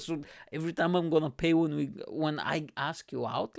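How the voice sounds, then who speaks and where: A young man hosting his own podcast, telling a dating story in a loose, animated way, swearing often and tossing out rhetorical questions. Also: on the high side, fast talker, creaky, few pauses, no room sound, clean studio sound. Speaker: podcast host and stand-up comedian. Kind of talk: casual solo podcast monologue.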